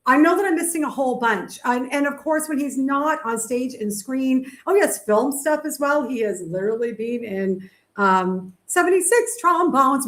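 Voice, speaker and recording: A woman's voice: a little high, roomy sound. A woman hosting a podcast from home, from Canada, bubbly and playful, breaking into bits of show tunes. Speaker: podcast host.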